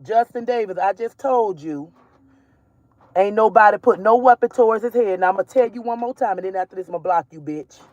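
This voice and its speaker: A woman's voice: medium pitch, fairly quick, darkish tone, no room sound, lo-fi sound. Blunt, heated woman ranting. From Georgia, US. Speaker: mother vlogger. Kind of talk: casual ranting vlog. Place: in a car while driving.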